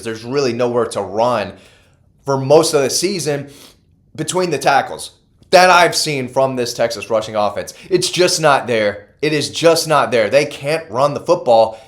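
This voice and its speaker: A man giving solo college football analysis, emphatic and casual, repeating key stats for effect and correcting himself as he goes. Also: mid-range voice. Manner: self-correcting, casual asides. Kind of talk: solo sports commentary.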